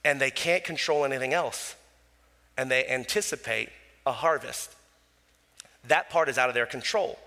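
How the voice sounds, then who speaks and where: A man preaching a sermon in a relaxed, conversational way, with casual asides and small chuckles. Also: medium pitch, normal speed, vocal fry, long pauses, in a large hall. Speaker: pastor.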